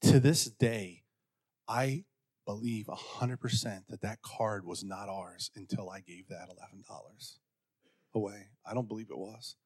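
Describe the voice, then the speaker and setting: A pastor telling a personal story from the pulpit, acting out voices in a raised pitch and sinking to quiet, intimate passages. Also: male voice, measured pace, slightly rough. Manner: animated, acts out quotes in a raised pitch. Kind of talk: sermon storytelling.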